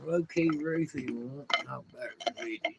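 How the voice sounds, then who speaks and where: A man's voice: medium pitch, normal speed, creaky, noisy background. An older man co-hosting a casual live stream, rambling easily and reading out viewer names.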